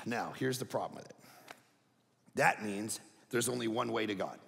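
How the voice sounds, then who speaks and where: A middle-aged man, a pastor preaching a sermon, animated and emphatic, dropping to quiet asides. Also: a little slow, gravelly, pauses often. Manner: animated, swings from loud emphatic highs to low quiet asides. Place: large church hall. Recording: long hall reverb.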